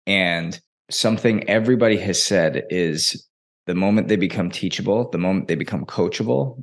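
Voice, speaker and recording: A man hosting a podcast, talking in a measured, reflective way. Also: low voice. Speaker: podcast host. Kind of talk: reflective interview talk.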